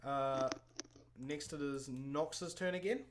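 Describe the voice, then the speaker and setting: A man's voice: mid-range voice, takes it slowly, slight background noise. A man running a tabletop game as game master in a live stream, talking casually and laughing often.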